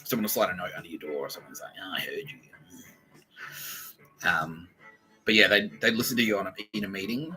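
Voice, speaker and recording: Profane, agitated Australian man, low voice. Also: animated, fast, pushed and bright, faint music behind, poor audio. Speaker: podcast host. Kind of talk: casual rambling monologue.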